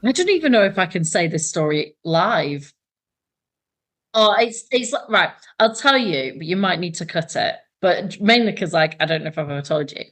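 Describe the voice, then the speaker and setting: A woman's voice: lowish voice, normal speed. A young woman from England co-hosting a podcast, chatting casually and acting out voices in her anecdotes. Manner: animated, laughs often, acts out voices in anecdotes. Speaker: podcast co-host. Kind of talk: casual chat, storytelling.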